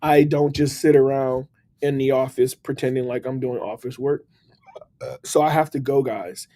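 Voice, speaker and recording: A man hosting a casual motivational live stream, upbeat and slangy, giving shout-outs to his viewers. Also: mid-range voice, steady tone, normal speed. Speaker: livestream host. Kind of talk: casual motivational livestream talk.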